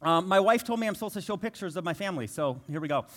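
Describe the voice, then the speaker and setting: A man's voice: high-pitched, lively intonation, rapid-fire, fairly bright tone. A man in his thirties preaching a conversational sermon as a guest, telling self-deprecating jokes and family stories. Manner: joking, self-deprecating storyteller.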